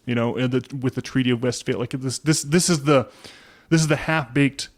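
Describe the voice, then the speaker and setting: A man's voice: mid-range voice, fairly even intonation, a little fast. A man co-hosting a casual podcast, rambling through a story with lots of restarts. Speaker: podcast co-host.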